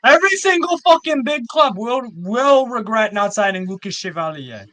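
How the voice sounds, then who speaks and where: Man, very high, bright voice, forceful and insistent, swears a lot. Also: sing-song, moderate pace. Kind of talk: casual chat.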